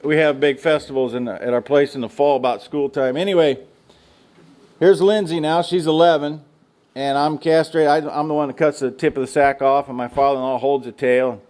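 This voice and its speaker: A man's voice: fairly high pitch, steady tone, brisk, darkish tone. A middle-aged man from the United States speaking to students, a folksy storyteller joking about ranch life. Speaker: guest speaker. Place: lecture room.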